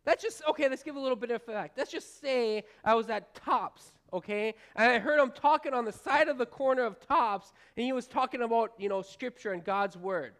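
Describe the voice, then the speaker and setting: A woman pastor speaks a little fast in a fairly high voice, barely pausing, as she rambles through an informal sermon. Folksy in manner, she talks right to the congregation, restarting thoughts and leaning on fillers.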